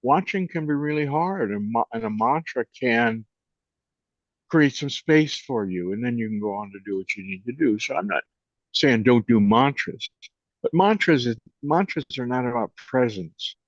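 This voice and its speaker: An expressive, mid-range voice belongs to a co-host in his eighties who teaches meditation and consciousness. Gentle and unhurried, he guides a meditation and reflects on consciousness in conversation, his words often fading softly away. The audio is dry, with a dull lo-fi quality.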